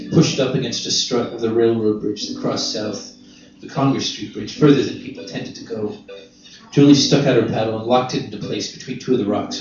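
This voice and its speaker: A man reading literary fiction aloud in a measured, unhurried way. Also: on the low side. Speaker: narrator. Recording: roomy distant dull recording with guitar.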